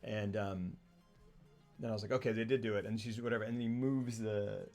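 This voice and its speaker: A man's voice: on the low side, fairly even intonation, a little fast, a little mellow, soft background music. A man co-hosting a casual film talk show, recapping a plot in a rambling way and acting out the characters' lines. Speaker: podcast co-host. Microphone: streaming mic.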